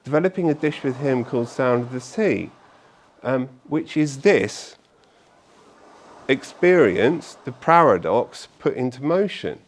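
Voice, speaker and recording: A man speaking to an audience at a meetup, telling stories in a chatty, animated way with fillers and frequent tag questions. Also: mid-range voice, a little slow, slight background noise. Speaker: conference speaker. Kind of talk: live talk to an audience. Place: meetup event room.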